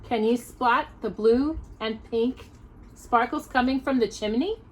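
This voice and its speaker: A woman reading a storybook aloud to her child in an expressive way, pausing to ask her questions. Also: fairly high pitch.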